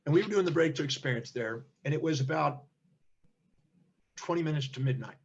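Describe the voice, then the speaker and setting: In a fairly quick, gravelly voice pitched on the high side, an older seminar teacher spins stories during an interview and voices the people in them. The audio is dull, with a slight hiss or hum.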